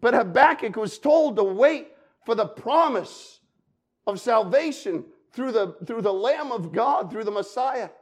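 Animated, high-voiced male preacher. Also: measured pace. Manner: animated, swings between loud and hushed, repeats phrases for emphasis. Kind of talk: sermon.

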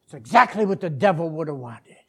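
A man preaching a sermon, dropping to hushed whispers and rising to shouted climaxes, with slow deliberate pauses. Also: on the high side, animated, slightly rough.

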